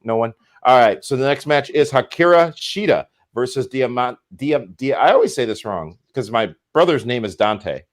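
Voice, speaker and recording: A man's voice: mid-range voice, expressive, normal speed, few pauses. A man hosting a wrestling talk show, moving topics along with jokes and questions to the panel. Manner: joking, steering the discussion. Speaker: show host. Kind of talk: casual panel chat, moderating.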